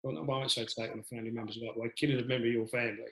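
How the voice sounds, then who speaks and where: A man's voice: mid-range voice, steady tone, racing, a bit bright, slight background noise. Sympathetic man host in echoey room. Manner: sympathetic, repeats himself, often trails off. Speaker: podcast host. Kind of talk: interview conversation. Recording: roomy echo.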